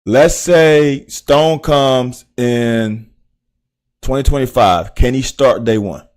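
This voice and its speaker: Speaking slowly in a mid-range, darkish voice, this middle-aged Southern American former player breaks down game film on a casual live stream. He's blunt and swears freely, addressing his chat viewers directly.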